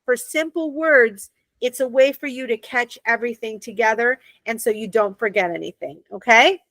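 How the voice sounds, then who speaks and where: A woman's voice: a little high, normal speed, a bit bright, no room sound. An American woman teaching a Hebrew reading class, patiently checking that her students follow. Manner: patient, checks understanding often.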